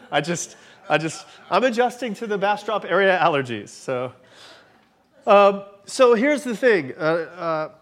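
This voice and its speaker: A man in his forties preaches in a high, light voice. He tells a personal story in a chatty, self-deprecating way and laughs as he goes. He sounds a bit congested from allergies. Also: a bit bright. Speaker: pastor.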